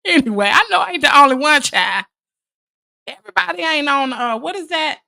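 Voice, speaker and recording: A high-voiced woman chats to her live viewers in a sassy, familiar way. Her tone is bright and sharp, and her voice sounds dry and close with no room around it. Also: big pitch swings, fairly quick, vocal fry, long pauses, no echo. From Mississippi, USA. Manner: chatty and sassy, calls viewers "child" and "honey". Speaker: live stream host. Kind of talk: casual live chat with viewers.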